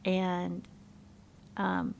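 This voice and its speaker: A woman telling her personal faith testimony in a soft-spoken, halting, reflective way. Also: on the low side, completely flat delivery, gravelly, slight background noise.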